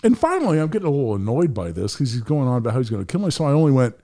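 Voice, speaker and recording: A man's voice: medium pitch, very animated, rapid-fire, warm tone. A middle-aged man telling a story as a podcast guest, emphatic and profane, acting out the voices of the people in it. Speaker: podcast guest, firearms attorney. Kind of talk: animated storytelling.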